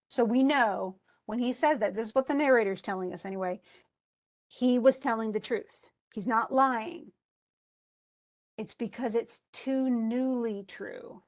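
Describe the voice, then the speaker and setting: A woman who teaches college English gives an informal lecture in a fairly high voice. She reads passages from a story aloud and comments on them chattily, with many fillers and restarts.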